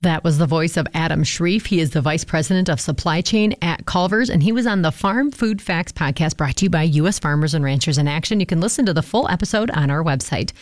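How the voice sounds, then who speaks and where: Lady reading a farm news bit on the radio, lowish voice, dry sound. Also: brisk, hardly any pauses, no echo. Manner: even, read-aloud delivery. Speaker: agriculture segment host. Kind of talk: scripted radio segment.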